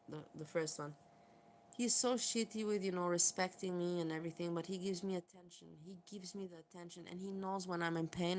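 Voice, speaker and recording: A woman vlogger talking candidly and bluntly, swearing often as she vents to viewers. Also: fairly low pitch. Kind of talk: candid vlog rant. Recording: faint background noise.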